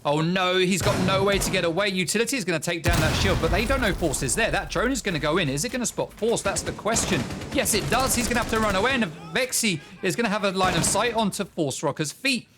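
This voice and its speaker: A man giving solo play-by-play commentary on a competitive shooter match, getting excited at big plays. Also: quick pace, hardly any pauses, music in the background. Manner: excitable, rising in pitch at big plays, chatty asides to chat. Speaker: esports caster. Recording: game gunfire and clicks behind. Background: game gunfire and clicks.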